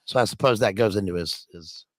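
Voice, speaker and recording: A man joining as guest in a casual film review, chatting and jumping in with quick asides. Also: on the low side, no room sound. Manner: chatty, jumps in with asides and laughs. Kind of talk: casual movie review chat.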